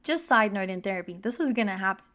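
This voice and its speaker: A woman's voice: medium pitch, expressive, fast talker, a bit bright. A woman in her thirties, a relationship therapist, hosting a podcast in a frank, conversational monologue with wry humor.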